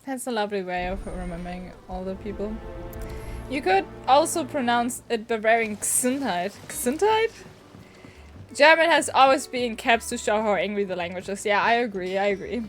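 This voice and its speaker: A woman's voice: mid-range voice, brisk, fairly bright tone, soft background music. A woman streaming a game who chats and rambles to her viewers while fighting a cold. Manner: chatty and rambling, talks to chat. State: sniffly, getting a cold. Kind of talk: casual livestream commentary.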